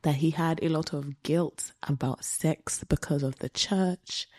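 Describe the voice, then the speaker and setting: A woman host retelling a true-crime story in casual chat, animated, with asides. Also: low voice, a little slow. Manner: animated, with quoted voices and asides. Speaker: podcast host.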